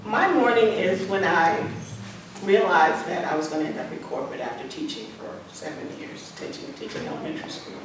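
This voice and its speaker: A woman's voice: lowish voice, lively intonation, fairly quick. A woman in her sixties telling stories from her career in an earnest, conversational way, repeating phrases for emphasis and acting out what people said. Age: 60s. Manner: repeats phrases for emphasis, acts out quoted dialogue. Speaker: museum founder sharing life lessons. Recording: echoey room, mic far off, background noise.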